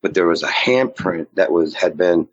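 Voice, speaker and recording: A man with a very low, husky voice tells his story casually. He rambles and slips into quoting others mid-sentence. The audio sounds dull and lo-fi. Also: animated, normal speed. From Maine. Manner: rambling, quotes others in dialogue. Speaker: guest recounting sightings.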